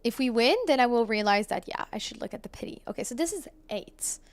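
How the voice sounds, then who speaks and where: A woman's voice: on the high side, lively intonation, fast talker. A woman live-streaming from home, chatting casually and answering viewers as she plays. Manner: chatty, reads chat aloud and answers viewers.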